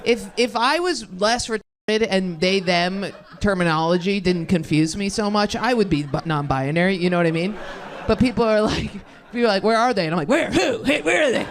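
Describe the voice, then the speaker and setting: A young woman working a stand-up set. She rambles, mocks herself and chats with the audience as she goes. Her voice sits at a middle pitch. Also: normal speed, slight background noise. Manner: rambling, self-deprecating, chatty with crowd. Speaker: stand-up comedian.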